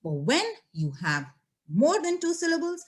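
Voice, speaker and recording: A woman's voice: high voice, sing-song, moderate pace. A middle-aged woman teaching an English grammar lesson, patiently checking in with her students. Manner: patient, repeats "okay?" and "all right?" to check students.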